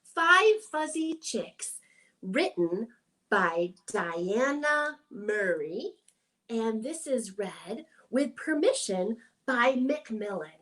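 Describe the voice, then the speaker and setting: A young woman leading a toddler storytime, reading picture books and rhymes in a playful sing-song voice with soft hushed asides. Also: on the high side, very animated, extremely slow. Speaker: children's librarian.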